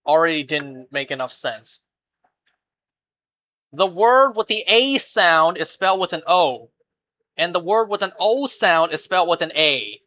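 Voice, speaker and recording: Streamer, casual chat; slow, wry, musing delivery, mid pitch. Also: expressive, bright, forceful tone. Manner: musing, wry, spells words out slowly.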